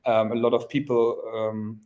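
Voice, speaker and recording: A young man from Germany, speaking English as a second language with a clear German accent. He talks casually as a podcast guest, laughing often and stopping to hunt for words, his voice sitting at an ordinary middle pitch. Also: level tone, moderate pace, a little mellow. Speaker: athlete guest.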